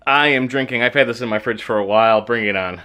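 A man's voice: medium pitch, fast talker, sharp tone, clear, resonant tone. A man hosting a casual food podcast, jokey and rambling, often searching for words. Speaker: podcast host.

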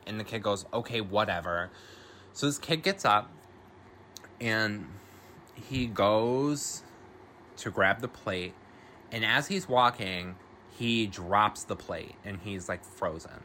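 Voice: mid-range voice, slow, sharp tone, slight background noise. A podcast host giving a casual film recap, rambling with lots of fillers and swearing freely.

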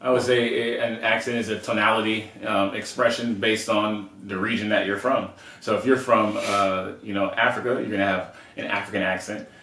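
Low-voiced man explaining earnestly. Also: flat delivery, moderate pace, sharp tone, reverberant, distant mic. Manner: earnest, explains at length, laughs easily. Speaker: podcast co-host. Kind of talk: casual banter.

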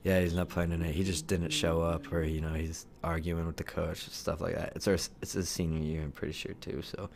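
A young man co-hosting a casual podcast, laid-back and quick to laugh and tease his friend. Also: low-pitched, flat delivery, gravelly. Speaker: podcast co-host. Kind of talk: casual chat.

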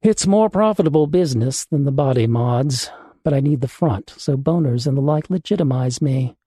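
A man's voice: mid-range voice, normal speed, slightly rough, dry recording, clean studio sound. A man reading as a cold, scheming doctor. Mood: calm menace. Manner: calm, calculating, matter-of-fact. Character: cold, scheming male black-market doctor.

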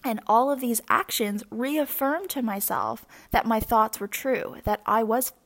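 A woman's voice: fairly high pitch, measured pace, a bit bright. A young adult woman hosting a podcast, talking candidly and at length about herself in a rambling, confessional way, with plenty of fillers and restarts. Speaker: podcast host. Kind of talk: personal confessional monologue.

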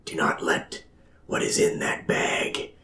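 A man's voice: slow pace, sharp tone, roomy sound, a little hiss or hum. A man voicing a mysterious divine voice inside someone's mind, in a dramatic, solemn whispered role-play.

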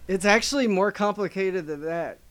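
Podcast host, male, high and smooth voice, easygoing storyteller. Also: moderate pace, fairly bright tone. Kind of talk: casual chat.

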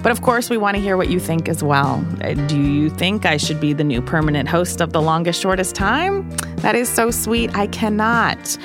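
A woman's voice: on the low side, lively intonation, moderate pace, music in the background. A woman in her thirties guest hosting a podcast, playful and jokey, chatting and reading the credits. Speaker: guest host. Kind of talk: casual chat and scripted outro.

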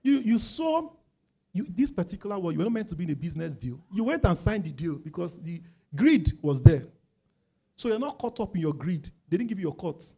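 A Nigerian man preaching a sermon in a lively way, acting out quoted voices and rising to loud, emphatic stretches. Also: high voice, brisk, slightly rough.

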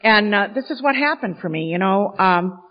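A woman's voice: medium pitch, animated, normal speed. A woman from Maine candidly telling a self-mocking personal story at a podium in a large hall. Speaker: speaker sharing recovery story. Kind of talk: storytelling talk at a recovery gathering. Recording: dull sound in a big hall with long echo.

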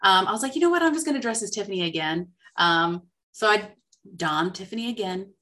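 Woman, casual chat, bright voice, animated storyteller. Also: medium pitch, brisk. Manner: animated storyteller, quoting herself.

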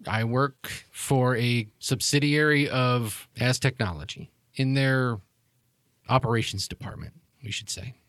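A man's voice: mid-range voice, unhurried, fairly bright tone, dry recording, studio quality, close to an everyday voice. A man playing a glib, bitter long-lost sister. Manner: casual, offhand, swearing.

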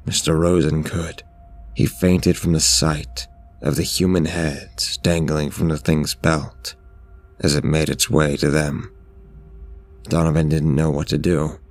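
A man reads a scripted horror story in a measured, steady delivery. His voice sits extremely low and has a gravelly texture. The melody stays flat throughout.

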